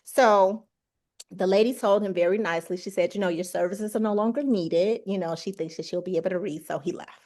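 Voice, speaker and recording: A woman telling a story in a casual chat on a video call, animated and emphatic, acting out the voices of people she quotes. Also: medium pitch, a little fast. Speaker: guest sharing her exam success.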